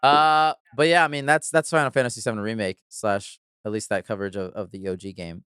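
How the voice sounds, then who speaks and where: A man hosts a podcast in casual, excited chat, laughing often and swearing freely. His voice sounds smooth and clear. The sound is dry and close. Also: on the low side, fairly quick, no echo. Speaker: podcast host.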